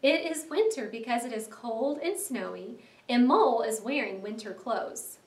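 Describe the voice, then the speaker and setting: A woman teacher reading a story aloud for a class in an expressive way, stopping to explain words. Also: a little high, moderate pace, echoey room, recorded from a distance. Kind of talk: read-aloud lesson narration.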